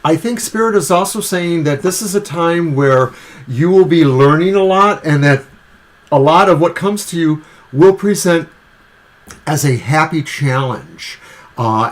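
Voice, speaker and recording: A man co-hosting a live tarot stream, reading cards and joking about his coffee in a relaxed, rambling way. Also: fairly high pitch. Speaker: tarot reader co-host.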